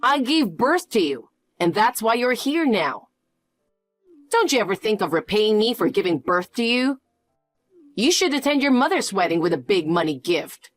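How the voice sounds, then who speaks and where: A woman's voice: medium pitch, big pitch swings, moderate pace, no echo, faint music behind. A woman voicing a greedy, pushy middle-aged birth mother who demands money, in a scripted story reading. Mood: demanding. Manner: demanding, wheedling.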